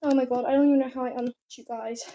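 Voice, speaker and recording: A teenage girl vlogging outdoors at home, chatting in a rambling, giggly, excitable way into a handheld phone. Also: high voice, rapid-fire. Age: teens. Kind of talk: casual chatty vlog. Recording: dull, muffled phone audio.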